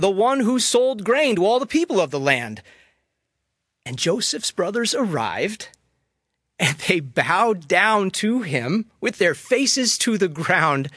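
Preacher, male, unhurried sermon, dry close sound. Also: a little high, a bit bright, no echo. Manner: measured storytelling, dramatic pauses. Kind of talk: sermon with Bible reading.

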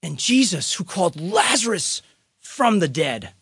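A male pastor reading scripture and preaching in a slow, measured cadence. His voice sits a little high for a man and sounds close and dry. He swings from hushed, quiet phrases to emphatic, raised lines. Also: big pitch swings, creaky, slightly rough, no echo. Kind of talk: gospel reading and sermon.

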